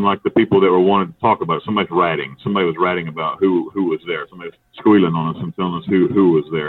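Heard over a tinny, far-off phone connection with no room sound, a North Carolina man with a husky, low voice tells a rambling, profane story in an interview, quickly voicing the lines of other people.

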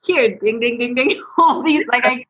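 Husky, chatty woman host. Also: fairly high pitch, normal speed, no echo. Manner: relaxed, chatty, many fillers. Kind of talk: casual interview chat. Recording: dull, dry, lo-fi sound.

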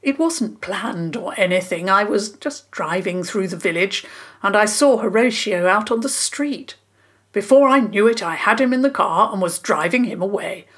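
A woman's voice: medium pitch, animated, normal speed, a bit bright, husky. A woman voicing a flustered, guilty middle-aged man who splutters and sighs as he confesses, in a children's story. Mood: guilt-ridden. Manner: spluttering, apologetic, sighing.

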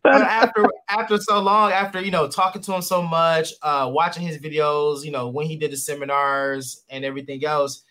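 Bright-voiced man hosting a casual chat. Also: fairly high pitch, level tone, moderate pace, few pauses. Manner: rambling storyteller with many fillers and restarts. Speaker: podcast host.

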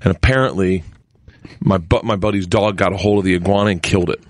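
A man's voice: sits low, fairly even intonation, fast, dry recording, clean studio sound. A man telling a gross-out college story on a podcast, laughing as he talks. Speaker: comedian guest.

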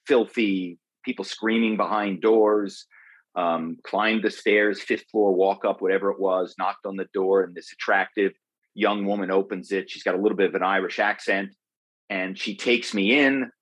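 A man's voice: sits low, fairly even intonation, moderate pace, a bit bright, no room sound, poor audio. A middle-aged man as an interview guest, telling a long personal story in a loose, rambling way, full of fillers and restarts. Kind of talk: conversational storytelling.

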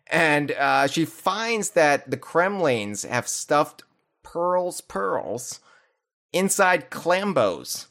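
A man's voice: on the high side, fairly bright tone. A man hosting a podcast, chatting casually in rambling, joking runs with restarts. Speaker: podcast host. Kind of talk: casual chat.

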